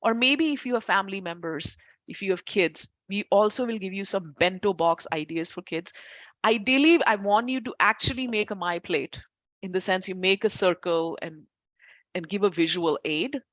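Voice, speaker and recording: With a medium-pitched voice and a moderate pace, a woman instructs an Ayurveda class in casual, talkative fashion. She often stops to correct herself and offers warm asides to her students. The recording is dry.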